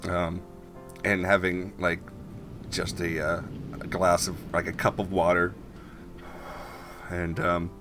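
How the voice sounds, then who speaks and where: A man narrating a tabletop game as game master, in a rambling, filler-heavy way. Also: deep voice.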